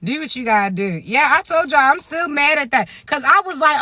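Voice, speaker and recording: A woman vlogger giving blunt, profane spiritual advice in a joking, streetwise way, with low "mm-mm" asides. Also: big pitch swings, normal speed, pushed and bright, dry recording. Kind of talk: casual spiritual advice rant.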